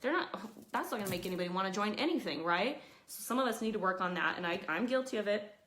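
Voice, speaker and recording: A woman's voice: medium pitch, expressive, fast, a bit bright. Chatty motivational woman, echoey room. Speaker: network marketing leader. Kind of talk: casual Facebook Live talk.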